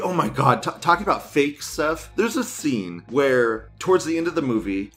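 A man's voice: medium pitch, fairly bright tone. A man hosting a show in casual ranting commentary: crude, rambling, and laughing often. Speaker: host.

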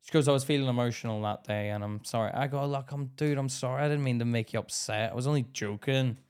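A man's voice: mid-range voice, fast talker, smooth. Laughing man telling a story. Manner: animated storytelling, acting out quotes, laughs often. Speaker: podcast co-host. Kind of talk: casual chat.

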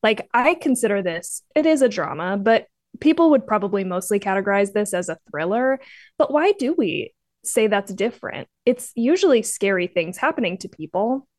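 A woman's voice: mid-range voice, very animated, moderate pace, darkish tone, no echo, studio quality. A woman co-hosting a casual podcast, talking candidly and swearing freely. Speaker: podcast co-host.

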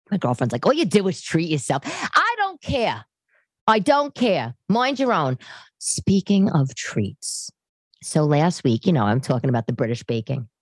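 A woman's voice: low-pitched, darkish tone, dry recording. A woman with a New York-area accent hosting a casual chat podcast from her living room, rambling into tangents and asides as she talks. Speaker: podcast host and stand-up comic.

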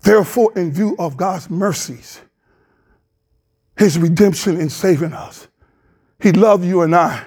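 A man's voice: high-pitched, measured pace, long pauses, a little mellow, husky. A male pastor, preaching a passionate sermon in a church, hollering with plain colloquial speech.

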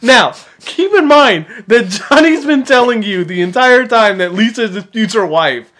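Male co-host, high, animated voice, casual, sweary. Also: unhurried. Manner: laughs a lot, swears freely. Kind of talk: casual chat about a movie.

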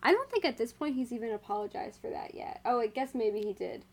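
Thoughtful woman with a high voice. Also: expressive, fast. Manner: thoughtful, laughs easily, reads quotes aloud. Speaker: co-host of a book discussion. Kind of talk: casual chat.

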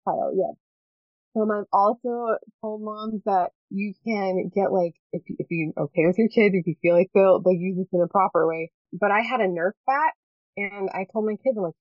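In a casual interview, a guest who works as a parenting coach, a woman in her thirties, talks earnestly and at length, using many fillers. Her voice is mid-range and her speed normal. The lo-fi recording is dry and slightly dull, with no room sound.

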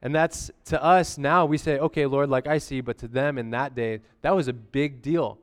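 A man's voice: medium pitch, normal speed, smooth. A young adult man giving a casual, conversational sermon as a pastor, using slang and frequent "amen?" asides.

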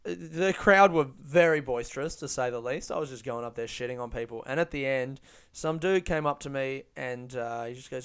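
A man's voice: medium pitch, normal speed, a bit bright, smooth. A man hosting his own podcast, telling a rambling, profane, self-deprecating story about his comedy gigs. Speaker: podcast host and stand-up comedian. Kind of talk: casual solo storytelling.

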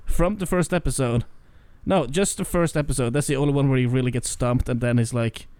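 An enthusiastic man chats casually with a co-host, reacting quickly and cursing freely. His voice sits mid-range, and the recording is dry with no room sound. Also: medium pitch, darkish tone, clean tone, dry recording. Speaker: podcast co-host. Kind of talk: casual chat.

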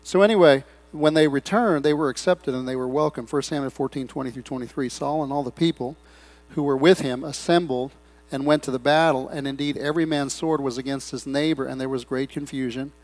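A middle-aged man preaching a sermon in a church, breaking into loud swells and rambling asides. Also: medium pitch, brisk. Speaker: pastor. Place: church sanctuary.

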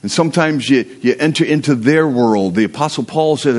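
A man's voice: medium pitch, a little fast, hardly any pauses. A man in the role of pastor, reading scripture and then preaching in a conversational, joking manner to his congregation on a livestream. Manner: reads scripture aloud then preaches conversationally, with prayer and humor. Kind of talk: sermon.

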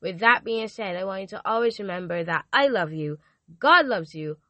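A teenage girl hosting her own podcast, earnestly and repeatedly thanking her listeners, her voice going hoarse. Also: medium pitch, moderate pace, sharp tone, no room sound. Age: teens. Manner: earnest and repetitive, gushing thanks. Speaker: podcast host. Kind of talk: casual faith podcast monologue.

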